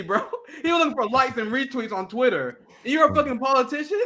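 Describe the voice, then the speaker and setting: A man's voice: very high-pitched, expressive, fairly quick, pushed and bright. A young man hosting a podcast, ranting in profane casual chat and mocking others with impressions. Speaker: podcast host.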